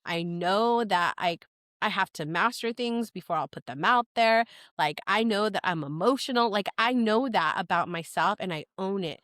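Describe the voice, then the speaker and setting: A woman's voice: medium pitch, moderate pace, fairly bright tone, dry recording. A woman guest on a podcast, talking earnestly in a casual conversation and often restarting her sentences as she thinks aloud. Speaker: guest, intuitive astrologer.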